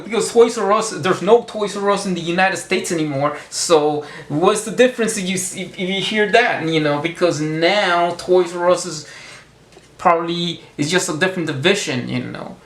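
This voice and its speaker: Brief: man vlogger, higher-pitched voice, halting rambling delivery, echoey room. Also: fairly bright tone. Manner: halting, rambling with many restarts. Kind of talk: rambling comedic monologue.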